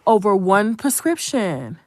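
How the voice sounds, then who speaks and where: A woman's voice: mid-range voice, sing-song, slow pace, a little mellow, no echo, studio quality. A woman, hosting an unscripted commentary monologue in a blunt, profane, emphatic way and talking straight to viewers. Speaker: commentary channel host.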